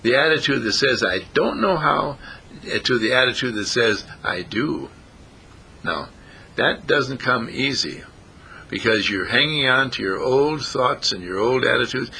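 Gravelly, husky male preacher. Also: medium pitch, normal speed, pushed and bright. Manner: folksy, repetitive, rising emphasis on key phrases. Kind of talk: sermon.

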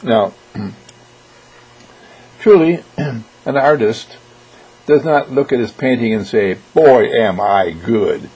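Gravelly, husky man giving a motivational talk. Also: mid-range voice, rough recording. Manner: animated, acts out quoted voices; frequent throat clearing. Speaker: motivational speaker.

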